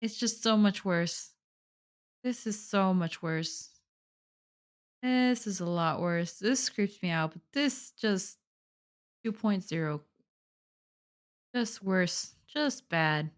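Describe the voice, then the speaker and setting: Woman reading a horror visual novel out loud and freaking out, lots of cursing and "bro". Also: medium pitch, a little slow, pauses often. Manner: reactive, swears a lot, says "bro". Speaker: gaming streamer. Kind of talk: let's play commentary and reading game text aloud.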